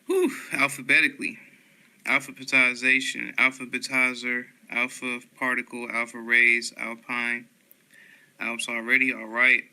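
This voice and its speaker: A man reading a long list of dictionary words aloud one by one, steady and unhurried, with small slips and corrections. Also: mid-range voice, low-quality recording.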